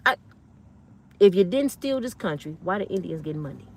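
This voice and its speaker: A woman's voice: on the low side, lively intonation, a little fast, a little hiss or hum. A woman in her fifties, an online commentator, delivering a blunt, fiery, profane rant full of slang. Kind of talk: ranting monologue.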